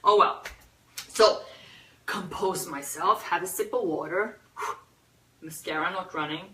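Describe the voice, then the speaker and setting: A woman hosting a pet memorial livestream, talking unscripted in a teary, soft-hearted way with sighs and pauses. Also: lowish voice, a little hiss or hum. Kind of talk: unscripted emotional talk. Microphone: phone or webcam. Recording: roomy echo, a bit far from the mic.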